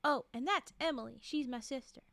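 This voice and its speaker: A woman's voice: high-pitched, measured pace, a bit bright, no echo. A woman reading aloud as a friendly young man from a storybook, making polite, welcoming introductions.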